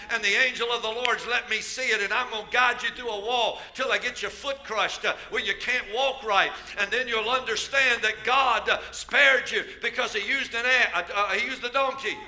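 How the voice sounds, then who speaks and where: A man pastor preaching a sermon, storytelling with jokes and sudden loud bursts. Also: extremely high pitch. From United States.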